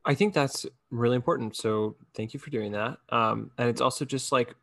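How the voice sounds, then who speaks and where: A man's voice: medium pitch, moderate pace, creaky, a bit bright, no echo, studio quality. A man hosting a conversation, explaining ideas in a reflective way with frequent fillers. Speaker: host. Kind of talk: conversational podcast talk.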